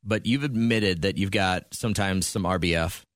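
A man co-hosting a radio show, chatting casually and telling funny stories in a joking, lively way. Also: low voice, normal speed, dry recording. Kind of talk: casual morning radio banter.

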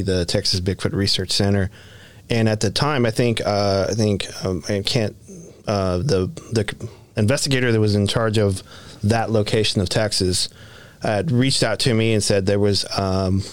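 A man's voice: fairly low pitch, dry recording. A man being interviewed, telling a long story in a casual, rambling way with many restarts. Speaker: Bigfoot researcher guest.

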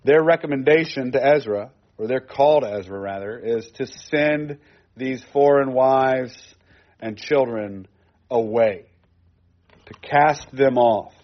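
A man's voice: mid-range voice, slow, muffled recording. A man teaching a sermon in a conversational way, repeating phrases for emphasis. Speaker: pastor. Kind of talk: expository sermon.

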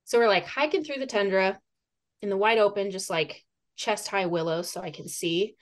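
Animated woman telling a hunting story. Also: medium pitch, moderate pace. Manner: animated, laughing, lively retelling with acted-out quotes. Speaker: podcast guest, fitness coach and moose hunter. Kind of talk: casual storytelling.

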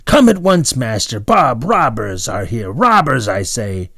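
A desperate young servant girl cries out for help in a raised, strained voice, as a man puts her on. The voice is gravelly and husky, recorded dry and close. It comes from a storybook reading. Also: deep voice, animated, moderate pace, no echo, heavily acted. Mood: shouting in panic. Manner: pleading, shouting for help.

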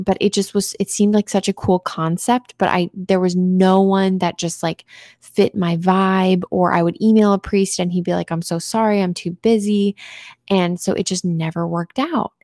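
A woman's voice: on the low side, darkish tone, no echo, studio quality. A woman in her thirties co-hosting a faith podcast, telling a personal story in an earnest, chatty way. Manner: earnest storytelling, reads prayer text aloud. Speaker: podcast co-host. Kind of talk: casual faith chat.

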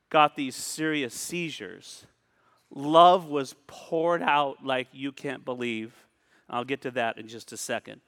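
A male pastor preaching a sermon in a conversational way, pausing and repeating phrases for emphasis. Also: mid-range voice, fairly bright tone. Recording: long hall reverb.

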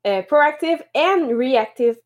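This high-voiced podcast co-host is a woman in her thirties whose French first language comes through. On her motivational podcast she explains things at a steady, slow pace with a few fillers.

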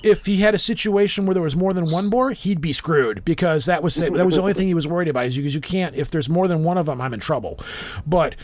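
A man with a fairly high voice spins a story in an animated, rambling way, chatting with his co-host. He keeps things casual and loose. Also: quick pace, no echo. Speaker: podcast co-host.

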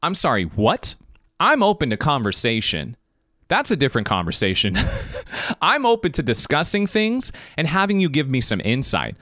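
A man hosting a podcast stream, talking in a lively, preachy way about life. His pitch jumps around. He speaks straight to his viewers in a dry room. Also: moderate pace, no room sound. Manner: animated, preachy, talks to viewers directly. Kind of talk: casual motivational talk.

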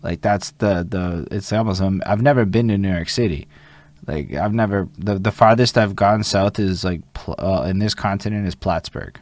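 A man hosts a loose chat over a video call. His speech meanders, packed with "like" and restarts, in a somewhat low voice. The sound is dry and close. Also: normal speed, darkish tone, no echo. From Montreal, Canada. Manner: rambling, filler-heavy with lots of "like". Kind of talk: casual video-call conversation.

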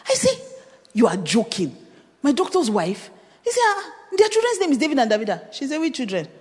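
A woman's voice: high-pitched, a little fast. Nigerian woman pastor preaching in a hall. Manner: animated storytelling, slipping into pidgin, laughing, rising to shouts. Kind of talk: sermon with personal testimony. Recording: reverberant conference hall.

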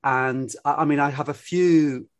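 This older Scottish storyteller, lightly Glaswegian in accent, speaks unhurriedly in a steady, somewhat high voice. He is being interviewed casually, musing and drifting toward anecdotes.

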